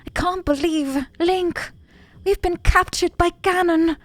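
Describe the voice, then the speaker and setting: A woman voicing a young fantasy princess with a high, melodramatic, pleading delivery. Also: steady tone, slow pace. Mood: dramatic pleading.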